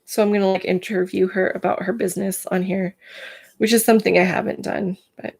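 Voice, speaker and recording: A woman's voice: medium pitch, fairly even intonation, brisk, creaky, darkish tone, slightly rough. A woman hosting a casual live stream, chatting to viewers by name, full of filler words, and in pain today.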